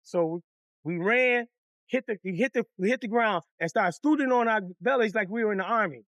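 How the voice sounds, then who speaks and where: A man from Detroit telling a personal story in casual, profane storytime narration, animated and acting out the people in it. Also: sits high, a little fast, no room sound, dull audio. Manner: animated, profane, acts out voices.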